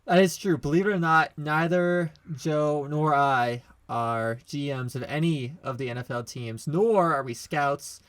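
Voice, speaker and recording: A man's voice: a little high, measured pace, hardly any pauses, fairly bright tone. A young man hosting a casual sports podcast, upbeat and joking. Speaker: podcast host.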